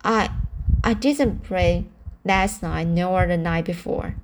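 A woman reading aloud and voicing a small, earnest, mischievous boy who pleads and confesses in a hurried way. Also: on the low side, slight background noise.

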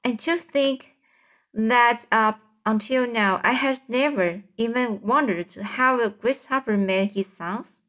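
A woman's voice: fairly high pitch, slow pace, a bit bright. A woman reading a storybook aloud and voicing a curious, eager small boy who stumbles over his words.

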